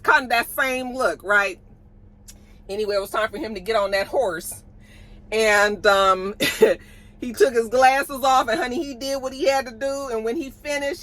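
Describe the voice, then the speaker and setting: A woman runs her vlog in a chatty, gossipy way. She tells stories with animated flair in a bright, forward-placed voice. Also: medium pitch. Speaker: vlogger. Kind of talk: casual chat.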